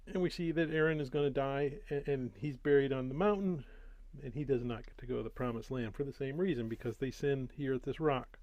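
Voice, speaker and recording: A man's voice: mid-range voice, brisk, a little mellow, dull audio. A man hosting a daily Bible reading, talking through the chapters in a casual, folksy way before he reads. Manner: conversational, folksy, with restarts.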